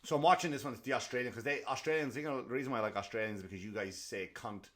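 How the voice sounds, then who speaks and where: A young man hosting a comedy podcast, ranting in a rambling, profane, animated way, full of restarts and put-on quotes. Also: mid-range voice, rapid-fire.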